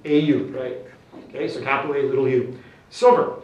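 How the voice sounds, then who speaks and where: A man's voice: medium pitch, steady tone, a little fast, darkish tone. A male teacher leading a classroom lesson, upbeat and coaxing, constantly checking in with "okay?" and "right?". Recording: very echoey classroom, distant mic.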